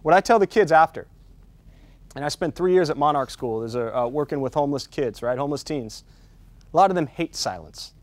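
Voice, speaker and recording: A man's voice: on the high side, expressive, fairly quick, no room sound. A man leading a meditation teacher-training workshop, talking casually and often checking in with "right?" as he builds up to his points. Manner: conversational, keeps asking "right?", builds intensity on key points.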